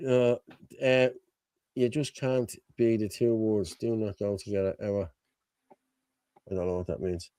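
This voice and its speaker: A man's voice: lowish voice, flat delivery, unhurried, long pauses, warm tone, clean tone, no echo. A middle-aged man hosting a live stream chat, rambling and swearing, with a constant "you know what I mean". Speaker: host.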